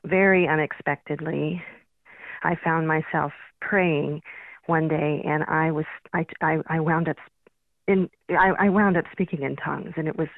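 A woman's voice: low voice, fairly even intonation, a little slow, gravelly, no echo. Woman caller, hesitant, tinny phone line, dry. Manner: hesitant, searching. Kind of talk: phone-in question.

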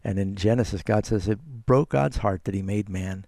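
A man's voice: on the low side, normal speed, vocal fry, darkish tone, no room sound, clean studio sound. A man hosting a call-in radio show as a pastor, earnestly explaining and quoting scripture. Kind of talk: call-in radio Bible answers.

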